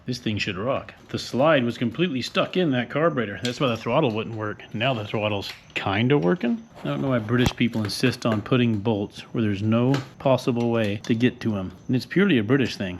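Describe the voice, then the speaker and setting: A man's voice: mid-range voice, lively intonation, a little fast, hardly any pauses, a little mellow, a little hiss or hum. Wisecracking older man tinkering with a bike. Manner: wisecracking, blunt, explains as he works. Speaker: motorcycle restorer. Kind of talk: casual how-to narration while working.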